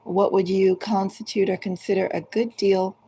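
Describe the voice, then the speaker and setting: A woman giving a collective tarot reading, speaking directly to each zodiac sign in an unhurried, musing way. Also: medium pitch, flat delivery, warm tone, a little hiss or hum, rough recording. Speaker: tarot reader.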